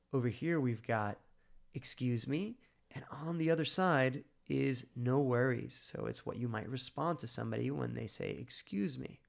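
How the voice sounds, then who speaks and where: A man walking through his own language study method in a relaxed screen-share tutorial, thinking aloud with fillers and restarts. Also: mid-range voice, creaky.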